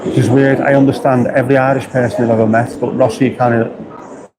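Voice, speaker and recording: A man's voice: medium pitch, flat delivery, brisk. Wry man chatting in stadium stands. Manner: dry, rambling, joking asides. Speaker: football fan vlogger. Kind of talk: casual running commentary. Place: football stadium stands, outdoors. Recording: noisy stadium ambience.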